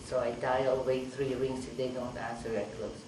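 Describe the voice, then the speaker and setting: Speaking at a normal rate in a mid-range voice with little pitch movement, a middle-aged psychiatrist entertains a meeting audience with patient stories, performing what they said. The recording is noisy and reverberant, made far from the speaker.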